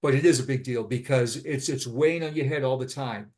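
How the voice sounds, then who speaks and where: A man's voice: medium pitch, fairly quick, darkish tone. A blunt man in his fifties with a Boston accent, telling his story as a retired police sergeant in a casual interview. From Boston, USA. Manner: blunt, frank.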